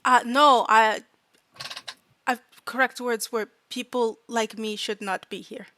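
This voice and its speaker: A woman voicing a small, timid fairy student who speaks in broken, halting grammar and often drops to a whisper. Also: on the high side, steady tone, bright, forceful tone, a little hiss or hum. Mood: earnest. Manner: broken grammar, dropped articles, hesitant. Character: tiny timid fairy student, earnest, new to language. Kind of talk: tabletop role-play.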